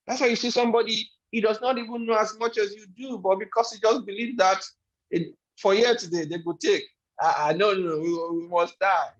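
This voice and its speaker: Emphatic high-voiced man lecturing. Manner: emphatic, repeats key phrases. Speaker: webinar trainer. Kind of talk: motivational lecture. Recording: echoey room, dull sound.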